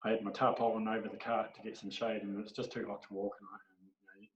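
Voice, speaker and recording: A man with an Australian accent, a podcast guest telling rambling, animated anecdotes in casual storytelling. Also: lowish voice, fast. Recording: dull, echoey room recording.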